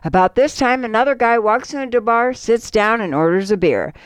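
A woman co-hosting a farm radio show, reading ads and telling jokes in a lively way. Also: fairly high pitch, brisk, clean tone, no room sound, clean studio sound. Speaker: radio co-host.

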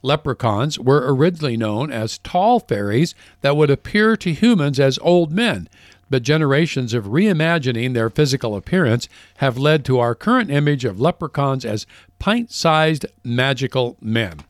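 A man's voice: medium pitch, expressive, normal speed, dry recording, studio quality. Easygoing man radio host. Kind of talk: casual radio chat and read segments.

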